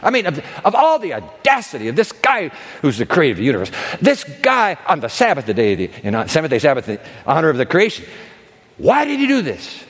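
A man preaching a sermon to a congregation, telling a story with lively acting and asides. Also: a little high, fast, hardly any pauses, in a large hall. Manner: animated storytelling, acts out characters. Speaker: pastor. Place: large church hall with long reverb.

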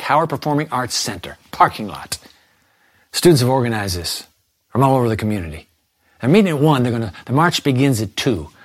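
A man preaching a sermon, reading quotations aloud and urging his listeners with animated emphasis. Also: medium pitch, no echo. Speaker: pastor.

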